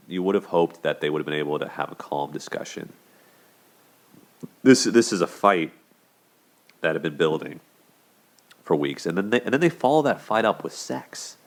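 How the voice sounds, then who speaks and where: This host speaks in a low, animated voice at normal speed, leaving long pauses as he casually comments on relationships. He keeps it conversational, leaning on "you know" and "like" and often restarting his thoughts.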